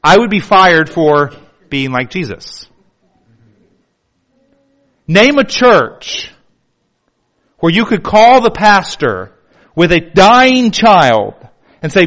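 Male pastor, fairly high voice, dramatic sermon delivery that moves from hushed to emphatic. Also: sing-song, measured pace, long pauses. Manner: dramatic, shifts from hushed to emphatic, repeats words.

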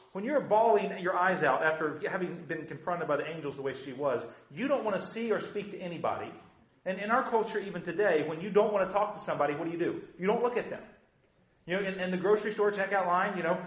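A man's voice: high-pitched, roomy sound, rough recording. A male pastor preaching a conversational sermon who acts out the quotes he tells.

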